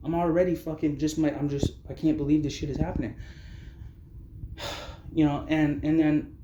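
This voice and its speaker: A man's voice: a little high, little pitch movement, quick pace, lo-fi sound, noisy background. Man ranting bluntly in a roomy space. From Canada. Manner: heavy swearing, blunt and agitated. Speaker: vlogger recounting homelessness. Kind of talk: angry personal testimony.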